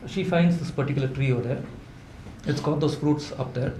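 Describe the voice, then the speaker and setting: Halting man telling folk tales. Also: medium pitch, mellow. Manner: halting, with many fillers and restarts. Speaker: storyteller. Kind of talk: live folklore storytelling. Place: event hall indoors. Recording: echoey room with faint hum.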